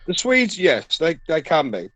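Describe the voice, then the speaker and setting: A man's voice: a little high, huge pitch swings, measured pace, a bit bright. A man co-hosting a podcast in casual, rambling chat, swearing freely and laughing often. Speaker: podcast co-host.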